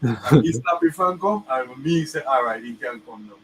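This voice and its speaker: A man's voice: medium pitch, lively intonation, normal speed, recorded from a distance, a little hiss or hum, poor audio. A man, explaining at length in patois phrasing in a casual recorded clip. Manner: patois phrasing, repeats himself.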